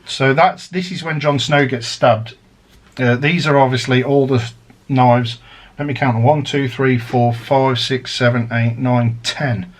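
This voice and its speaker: A man chatting casually as he unboxes a collector's set, rambling and drifting into fan theories. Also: mid-range voice. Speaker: unboxing vlogger.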